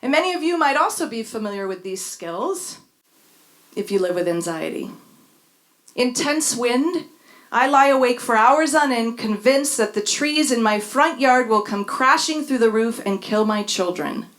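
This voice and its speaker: A woman's voice: fairly high pitch, expressive, moderate pace, fairly bright tone. A woman reading her own personal essay on a stage in front of a live audience, with a wry, emphatic delivery. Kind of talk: spoken essay read on stage.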